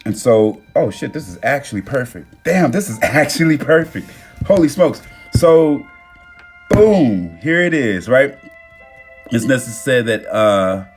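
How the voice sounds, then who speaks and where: A young man hosting a casual motivational livestream, animated and freely swearing as he talks straight to his viewers on a phone mic. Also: medium pitch. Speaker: livestream host.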